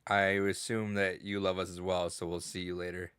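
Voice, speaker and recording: A man's voice: low-pitched, level tone, moderate pace, a bit bright, smooth, dry recording, clean studio sound. A man co-hosting a podcast in casual chat, enthusiastic and joking with his co-hosts. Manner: chatty and enthusiastic, jokes with co-hosts. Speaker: podcast co-host.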